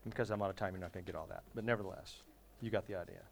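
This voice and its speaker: A man's voice: sits low, very fast, creaky, a little hiss or hum. A male pastor preaching a sermon in a humorous, conversational way, often asking the congregation questions.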